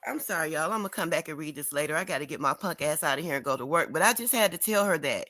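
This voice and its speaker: A woman's voice: sits low, animated, fast, a bit bright, dry recording. A woman from Detroit with a Detroit accent on her livestream, talking bluntly and emphatically with lots of profanity, upset and crying. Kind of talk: emotional livestream rant.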